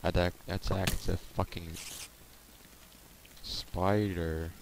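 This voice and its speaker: A low-voiced man talks through his gameplay at an unhurried pace, addressing the monsters as if they were people. He swears freely and sometimes drops to a quiet murmur. A steady noise hangs clearly under the recording. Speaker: Let's Play host. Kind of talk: gameplay commentary.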